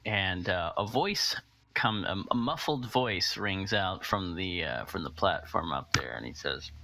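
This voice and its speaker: A man narrating a tabletop game as game master, hesitant with many pauses and fillers. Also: deep voice, expressive, gravelly, bright, forceful tone, slight background noise.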